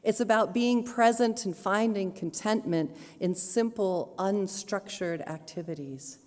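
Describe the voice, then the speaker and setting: A woman minister preaches to her congregation in an earnest, pastoral way, with touches of gentle humor. She speaks slowly and deliberately, her voice at a middling pitch. Her words ring out with a long reverb in the sanctuary. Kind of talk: sermon. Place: church sanctuary.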